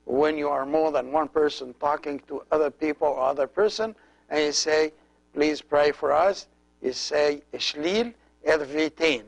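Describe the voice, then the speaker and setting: A middle-aged man, a priest, teaching a language lesson slowly and carefully, repeating each word for practice. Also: on the high side, steady tone, creaky, low-quality recording.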